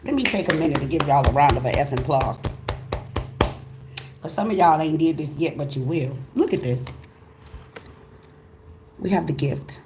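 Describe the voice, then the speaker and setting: Woman, tarot reader, lower-pitched voice, casual motivational reading, emphatic, slangy, repetitive, exclaiming. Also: animated, moderate pace, pauses often, noisy background.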